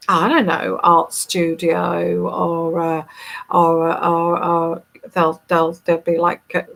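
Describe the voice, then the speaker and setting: A woman's voice: fairly low pitch, gravelly, fairly bright tone. A woman with a neutral English accent, a tarot reader talking casually to viewers in a rambling, emphatic and scornful way.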